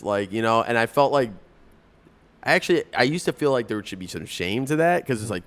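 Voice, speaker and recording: A man's voice: mid-range voice, expressive, brisk. A man in his thirties hosting a podcast, talking frankly in a casual, rambling way, full of "like" and restarts. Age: 30s. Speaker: podcast host. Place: coffee house.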